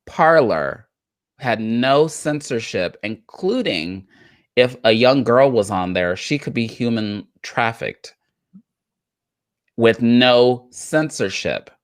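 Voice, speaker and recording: Emphatic woman co-host, lively pitch. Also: takes it slowly, dry recording, studio quality. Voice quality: emphatic, repeats phrases for effect. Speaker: podcast co-host. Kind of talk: casual political chat.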